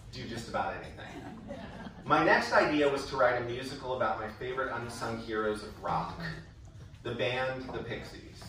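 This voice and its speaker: Picked up from a distance in an echoey hall, a former student speaks at a school event, spinning wry, animated stories that draw laughs. The young man's voice sits mid-range, with slight hiss or hum.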